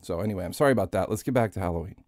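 Rambling, mellow-voiced podcast host man. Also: sits low, racing, no echo, studio quality. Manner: rambling, chatty, swears, self-deprecating. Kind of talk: casual podcast monologue.

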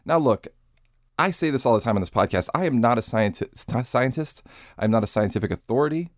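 A man's voice: medium pitch, animated, brisk, dry recording, studio quality. A man hosting a podcast in casual commentary style. He sounds sarcastic and incredulous, and he swears freely. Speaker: podcast host.

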